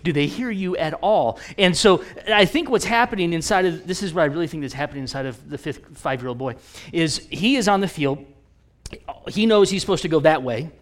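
Animated, slightly high-voiced man in his forties. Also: fairly quick. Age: 40s. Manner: conversational, animated anecdotes with frequent restarts.

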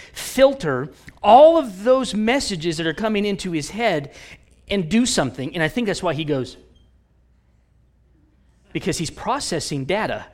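Animated, slightly high-voiced man in his forties. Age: 40s. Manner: conversational, animated anecdotes with frequent restarts.

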